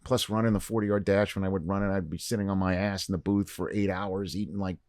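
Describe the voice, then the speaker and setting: Middle-aged male podcast host, very low pitch, loose chatty storyteller, dry studio sound. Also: quick pace, no echo. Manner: rambling, animated anecdote-telling with many fillers. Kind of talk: casual storytelling chat.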